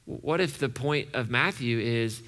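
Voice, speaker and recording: With a mid-range voice and a measured pace, a man delivers a sermon as pastor, animatedly performing the voices he quotes.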